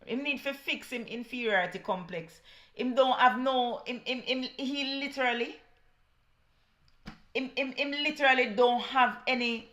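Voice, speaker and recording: A woman's voice: high voice, normal speed, fairly bright tone. A woman with a Jamaican accent giving heated political commentary, scornful and mixing patois with English.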